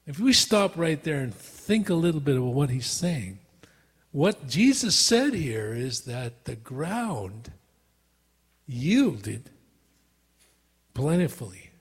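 Slow husky preacher man, reverberant hall. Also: on the high side. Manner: earnest, repeats rhetorical questions. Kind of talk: sermon.

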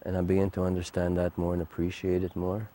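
A middle-aged man giving a personal faith testimony, halting and heartfelt, with many fillers and restarts. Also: sits low, monotone, dark tone. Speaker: guest sharing a testimony.

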